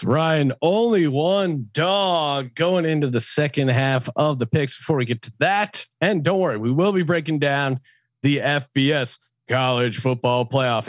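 Higher-voiced man hosting a betting podcast. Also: dry recording. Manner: reads lines and odds, throws questions to co-hosts. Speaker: podcast host. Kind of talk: casual sports betting talk.

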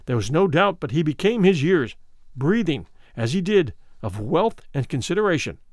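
A man narrating a classic story aloud in a measured, expressive way. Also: fairly high pitch, no room sound, studio quality.

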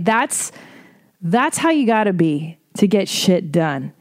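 A woman's voice: medium pitch, expressive, measured pace, no echo, clean studio sound. A woman hosting a podcast, telling a casual story with wry, profane asides. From Eastern Bloc. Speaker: podcast host.

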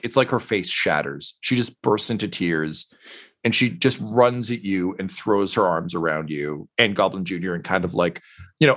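A man's voice: on the low side, fairly bright tone. A man narrating as game master of a tabletop game, rambling with many fillers.

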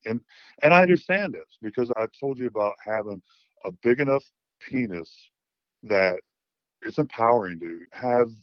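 A man's voice: medium pitch, expressive, normal speed, dry recording, dull audio. A middle-aged man calling in to a talk show, telling a frank story in a blunt, profane way with many restarts. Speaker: caller.

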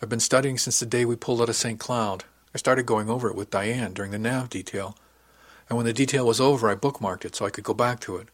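A man's voice: mid-range voice, quick pace, dry recording, lightly acted. A man doing a flustered young crewman. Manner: anxious, self-critical, blurting.

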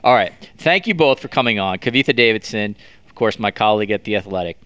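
A man's voice: lowish voice, lively intonation, quick pace, fairly bright tone, smooth, dry recording. A man hosting a podcast in casual chat, joking and self-deprecating with frequent restarts. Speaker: podcast host.

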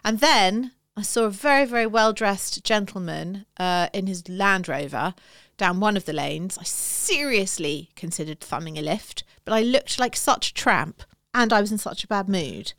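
A woman's voice: mid-range voice, animated, moderate pace, a bit bright, no echo, clean studio sound. A woman co-hosting a casual chat podcast, telling stories in a wry, teasing way. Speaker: podcast co-host.

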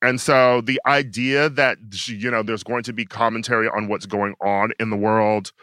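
A man's voice: lowish voice, fairly even intonation, normal speed, bright, forceful tone, dry recording, clean studio sound. A man co-hosting a podcast in casual chat, opinionated and talking in long runs with many fillers and restarts. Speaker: podcast co-host.

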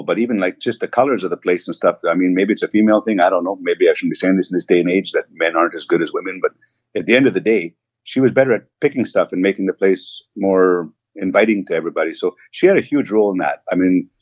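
A man's voice: low voice, fast, dry recording, muffled recording. A man, a restaurant owner, telling rambling stories with lots of asides as a guest in a casual interview. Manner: rambling, animated storyteller, many asides.

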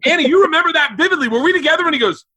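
A comedian telling rapid, profane family stories on a podcast and acting out his relatives' voices. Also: very high-pitched, expressive, pushed and bright, dry recording. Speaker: comedian guest. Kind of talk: animated storytelling on a podcast. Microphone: remote call mic.

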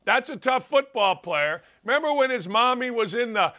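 Sports host man, ranting, high pitched, bright edgy tone, combative. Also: lively intonation. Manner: emphatic, combative, quick asides. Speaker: sports talk show host. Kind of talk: opinionated sports radio rant.

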